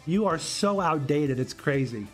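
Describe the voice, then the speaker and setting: A man's voice: a little high, expressive, unhurried, faint music behind. A man hosting a solo political commentary livestream, answering chat in an argumentative, rambling way and often repeating himself.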